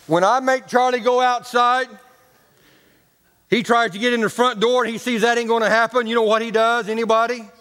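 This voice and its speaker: Brief: homespun male preacher, high for a man, in a church with long reverb. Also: level tone, brisk, fairly bright tone, clear, resonant tone. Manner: homespun and colloquial, talks to the congregation. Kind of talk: folksy storytelling sermon.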